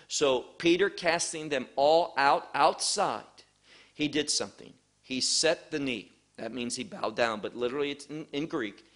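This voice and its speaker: Slow, deliberate male Bible teacher. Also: medium pitch, fairly bright tone. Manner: slow, deliberate, explaining Greek words.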